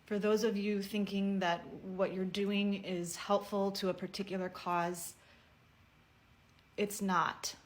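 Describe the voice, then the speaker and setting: A woman telling a personal story in a heartfelt message to camera, speaking earnestly and at a measured pace. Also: medium pitch, little pitch movement.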